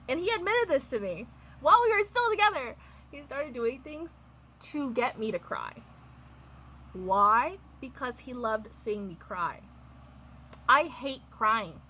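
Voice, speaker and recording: A woman's voice: on the high side, lively intonation, unhurried, pushed and bright, slight background noise, low-quality recording. A young adult woman telling a personal storytime in a chatty, wry way, full of fillers and laughs. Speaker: vlogger. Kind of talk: casual storytime.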